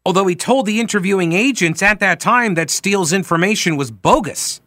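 A man with a fairly high voice delivers a political talk radio monologue. He is emphatic and conversational, and he corrects himself on air. The sound is dry and close, with no room around it. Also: lively intonation, a little fast, sharp tone, no echo. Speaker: radio talk show host.

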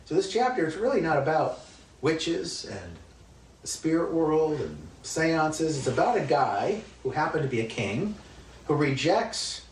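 In a roomy recording from a distant microphone, faint ambience and slight background noise surround a man whose voice runs a little high. He leads a Bible study in a conversational, emphatic manner, frequently posing rhetorical questions.

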